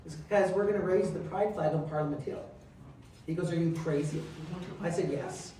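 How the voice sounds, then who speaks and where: Telling stories in an echoey hall, a Canadian man with a slightly high voice talks a little fast. He's a member of parliament appearing as a guest speaker, lively and acting out quoted dialogue, recorded from a distance with faint background noise.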